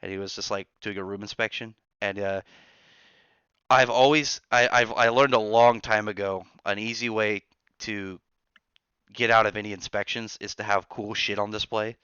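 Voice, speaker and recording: A man hosting a casual live stream from his barracks room, rambling through chat with quick asides and restarts. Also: on the low side, steady tone, pushed and bright, clean tone, no room sound. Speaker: streamer host reading chat. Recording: dull lo-fi sound.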